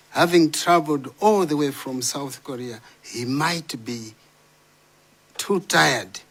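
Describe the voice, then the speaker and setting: Guy testifying to a committee, slow and careful, lots of uhs. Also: a little high, fairly bright tone. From Malawi. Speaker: witness before a parliamentary committee. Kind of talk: formal testimony.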